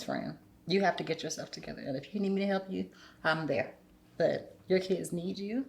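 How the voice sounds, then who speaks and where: A woman's voice: fairly low pitch, moderate pace. A woman guest on a podcast, candidly telling a personal story in casual conversation and acting out the voices of people she quotes. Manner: candid, acts out quoted voices with lively shifts.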